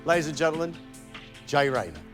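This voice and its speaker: Lively, high-voiced male cooking show host. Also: a little fast. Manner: lively, teasing, calls out time warnings. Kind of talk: energetic studio hosting. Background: background music.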